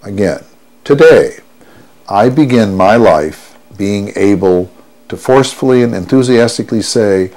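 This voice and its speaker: A male hypnotherapist leads a guided trance in a low voice. He speaks at a very slow, unhurried pace, soothing and calm, repeating each affirmation in turn. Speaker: stop-smoking hypnotherapist.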